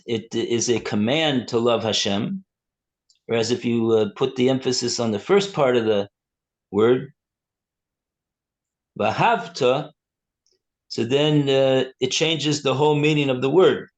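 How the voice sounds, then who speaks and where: A male rabbi teaching a text class. He reads passages aloud and translates them in a halting way, with many fillers and restarts. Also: medium pitch. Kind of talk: slow text study, reading and translating.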